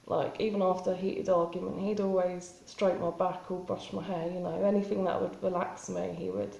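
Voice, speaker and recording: A woman talking in a spontaneous confessional vlog, halting and rambling with many restarts and fillers. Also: on the low side, level tone, gravelly, dark tone, echoey room, poor audio. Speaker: vlogger.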